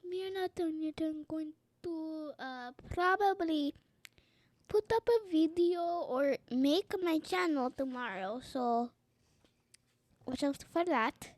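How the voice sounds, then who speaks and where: With a high, animated voice and an unhurried delivery, a child podcast guest giggles and tries out silly accents during a casual chat. Her podcast mic picks up no echo.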